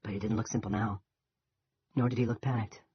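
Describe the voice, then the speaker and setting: A man reading a novel aloud in a steady, plain narration. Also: lowish voice, fairly quick, slight background noise. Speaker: audiobook reader. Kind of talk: audiobook narration. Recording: dull lo-fi.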